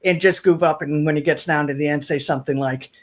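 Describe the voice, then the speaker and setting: A middle-aged woman, a justice of the peace, chatting as a radio guest, telling lively anecdotes and acting out the quoted lines. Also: deep voice, quick pace. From Irish Catholic family of ten kids. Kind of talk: casual radio chat, storytelling.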